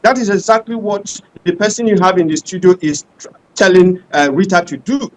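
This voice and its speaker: A man's voice: high-pitched, fairly quick, darkish tone, a little hiss or hum, low-quality recording. A man making an impassioned, rhetorical case as a panel guest in a debate.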